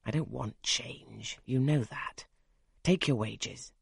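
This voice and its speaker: Audiobook voice: a man playing a brusque gentleman who teases and commands in turn. His voice is husky and mid-pitched. The sound is dry and close. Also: takes it slowly, dry recording, full character voice. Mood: teasing. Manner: gruff, commanding, teasing. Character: brusque, teasing wealthy older gentleman. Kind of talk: audiobook character reading.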